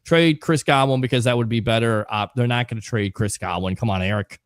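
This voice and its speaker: A man's voice: mid-range voice, fairly quick, smooth, dry recording. A man hosts a live call-in sports show, rambling casually through viewer comments with plenty of fillers. His voice sits in a middle range. The sound is dry and close. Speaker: sports talk show host.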